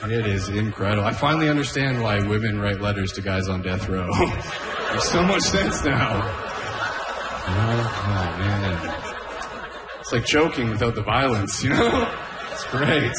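A low-voiced man works through a stand-up set, chatty and loose, breaking into chuckles at his own lines. His voice carries the roomy sound of a comedy club. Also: lively intonation, unhurried, noisy background. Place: comedy club stage with audience laughter.

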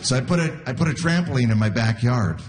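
A man's voice: medium pitch, fast, crowd noise. A man in his forties from Canada doing a stand-up comedy set, telling stories in a laid-back way and laughing at his own jokes. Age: 40s. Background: audience laughter.

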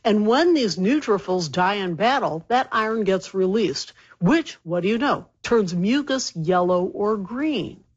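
A woman doctor, still getting over a cold, explaining health facts clearly and emphatically as a radio guest. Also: mid-range voice, lively intonation, unhurried, few pauses, lo-fi sound. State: recovering from a cold.

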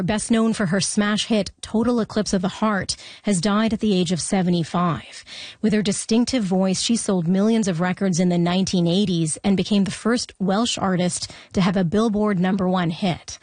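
Female news anchor, steady measured read, dead-dry studio mic. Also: mid-range voice, no room sound. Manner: measured, even newsreader delivery. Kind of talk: radio news reading. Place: radio studio. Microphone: studio microphone.

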